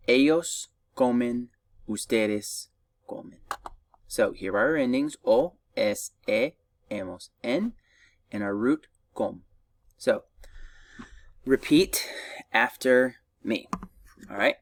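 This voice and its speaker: A man's voice: mid-range voice, expressive, slow pace, long pauses, dry recording, studio quality, distant mic. A man teaching a recorded Spanish grammar lesson, patiently drilling verb conjugations for his students to repeat.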